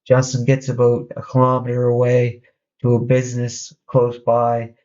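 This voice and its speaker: A man hosting a podcast, casually telling a story in a halting way, with frequent restarts. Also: mid-range voice, completely flat delivery, darkish tone, muffled recording. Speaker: podcast host.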